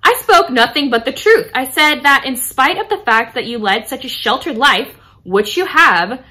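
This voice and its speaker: A woman's voice: high voice, lively intonation, normal speed, bright, forceful tone, voice pushed up. A woman reading out the lines of a blunt, haughty young nobleman in a raised, stiff voice. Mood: indignant.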